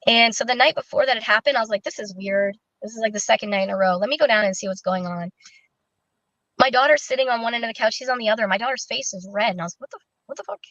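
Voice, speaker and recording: A woman speaks as an interview guest, telling a painful story in her own words. Her delivery is candid and halting, full of fillers and restarts. The recording is dry and a little dull, with a lo-fi feel. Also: on the high side, fairly bright tone, dry recording. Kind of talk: recounting a personal story in an interview.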